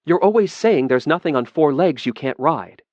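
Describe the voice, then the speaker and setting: A man's voice: fairly high pitch, animated, moderate pace, a little mellow, no room sound, muffled recording, pitched above the performer's own voice, close to an everyday voice. A man voicing a persuasive, devious woman merchant with a wry edge. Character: shrewd, devious female merchant, grinning and wry.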